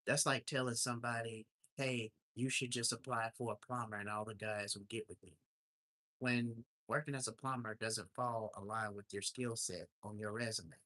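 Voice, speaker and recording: Guy ranting on his livestream, bright edgy voice, dry close mic. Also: lowish voice, fairly even intonation, normal speed, dry recording. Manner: ranting, indignant storytelling. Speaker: livestream host. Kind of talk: casual livestream talk. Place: home in Alaska.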